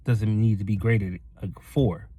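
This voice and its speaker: A motivational vlogger speaks in a fairly low, husky voice, keeping a steady tone at a slightly slow pace. His talk to viewers is rambling and earnest, he addresses them as "ladies and gentlemen," and he acts out other people's voices while telling a story.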